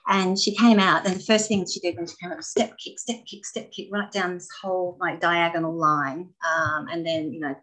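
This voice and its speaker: A middle-aged woman, a former dancer, telling stories as an interview guest, animated and laughing often. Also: on the low side, moderate pace, few pauses, low-quality recording. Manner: animated, laughs often, acts out voices in anecdotes. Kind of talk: casual storytelling.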